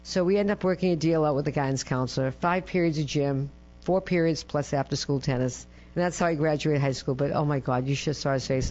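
A middle-aged woman from Massachusetts, a lively interview guest who acts out the people she quotes and keeps checking in with "right?". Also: deep voice, a little fast. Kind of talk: interview storytelling. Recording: dull lo-fi with mains hum.

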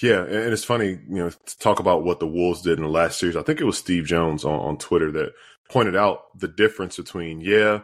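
A man's voice: low-pitched, brisk. A man co-hosting a sports podcast, chatting casually and playfully quizzing his partner. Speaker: podcast co-host.

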